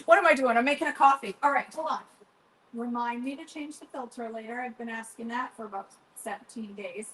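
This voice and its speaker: A woman's voice: fairly high pitch, fairly quick, a bit bright, husky, rough recording. Chatty middle-aged woman cooking at home. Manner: chatty, teasing, talks to viewers by name. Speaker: cooking vlogger. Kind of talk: casual chat while cooking. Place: home kitchen.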